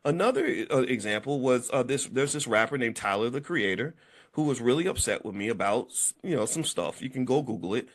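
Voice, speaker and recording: Animated man in his fifties, storytelling. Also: a little fast. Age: 50s. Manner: animated storytelling, acts out quotes with big pitch jumps. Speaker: commentator. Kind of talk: casual monologue to camera.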